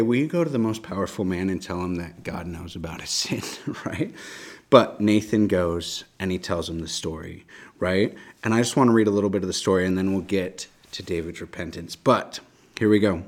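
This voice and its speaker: A man with a deep, low voice teaches a Bible passage to a small group. He talks in a loose, conversational way, reads scripture aloud, and keeps checking in with his listeners. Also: darkish tone. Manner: conversational, often adds "right?".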